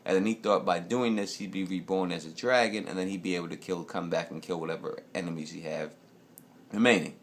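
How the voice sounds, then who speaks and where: A man's voice: low voice, fairly even intonation, a little fast, a little hiss or hum. An American man giving a loose, profane, rambling casual review of a TV episode. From United States. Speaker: TV show reviewer.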